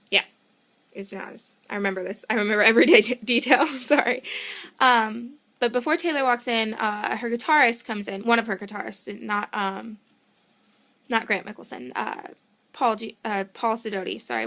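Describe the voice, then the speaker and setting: A young woman telling a story in a casual vlog, excitable and rambling, often cutting herself off to start over. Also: fairly high pitch, vocal fry. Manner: excitable, rambling, self-interrupting; gushing fan enthusiasm. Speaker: vlogger.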